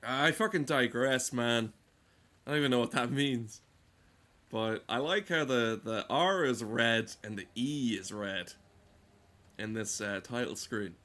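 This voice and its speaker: A man's voice: medium pitch, unhurried, bright, forceful tone. Sardonic rambling man. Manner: sardonic, profane, digressive. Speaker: game video host. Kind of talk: rambling comedic monologue.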